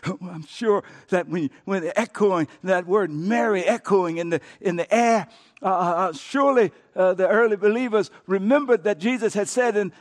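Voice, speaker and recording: Pastor guy w a really high voice, preaching hard, goes quiet then yells, lots of i-i-i restarts. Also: animated, moderate pace. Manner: dramatic, swinging from soft near-whispers to shouted peaks; stammering restarts. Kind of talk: sermon.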